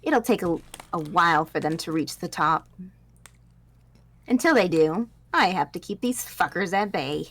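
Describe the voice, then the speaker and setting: A woman's voice: on the low side, lively intonation, unhurried, fairly bright tone. A woman reading a first-person audio drama script aloud, stumbling and correcting herself with laughing asides.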